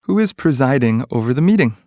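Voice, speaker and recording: A man reading short English practice sentences one by one, clearly and evenly. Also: mid-range voice, no room sound, clean studio sound. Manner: clear, even, measured delivery of single sentences.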